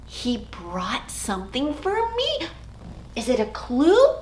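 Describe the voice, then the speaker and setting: Slow, sing-song librarian woman. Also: a little high, a little hiss or hum. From United States. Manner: sing-song, expressive, slow and clear for toddlers. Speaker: children's librarian. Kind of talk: storytime for young children. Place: library or home room.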